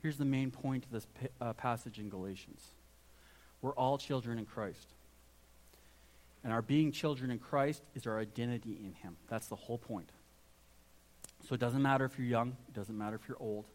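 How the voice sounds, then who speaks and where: A man's voice: mid-range voice, normal speed, long pauses, a little mellow. Earnest man preaching a sermon. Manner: earnest, emphatic preaching with restarts. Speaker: pastor.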